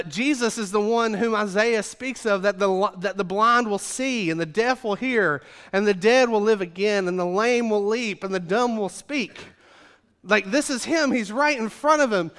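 High-voiced, joking male preacher. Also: fairly bright tone, clean tone. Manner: casual and joking, many fillers like 'like' and 'uh'. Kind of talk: sermon.

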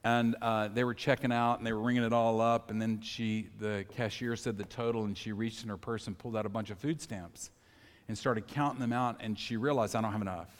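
In a fairly low, steady voice, a male pastor preaches fairly quickly inside a church sanctuary that sounds like a large hall. He talks casually, draws on personal stories, and questions the congregation.

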